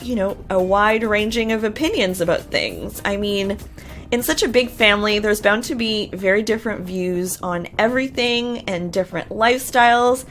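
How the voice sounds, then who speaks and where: A woman's voice: mid-range voice, fairly bright tone, slight background noise. A woman hosting a casual recap channel, chatty and gossipy with sarcastic asides. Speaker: reality TV recap host.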